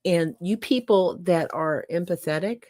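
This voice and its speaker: A woman's voice: on the low side, unhurried, warm tone, dry recording, studio quality. An older woman hosting a casual livestream, folksy and chatty, talking straight to her viewers. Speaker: livestream host.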